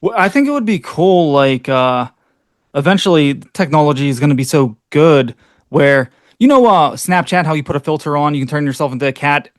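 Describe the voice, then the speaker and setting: A man's voice: fairly high pitch, expressive, no room sound, clean studio sound. A man cohosting a podcast in casual chat, playful and joking, tossing out wild ideas. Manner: joking, playful, quick to laugh.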